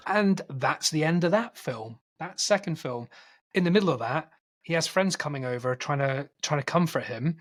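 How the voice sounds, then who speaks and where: A man co-hosting a film podcast, casually retelling a film's plot in a rambling, animated way and acting out quotes. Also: fairly high pitch, moderate pace. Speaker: podcast co-host.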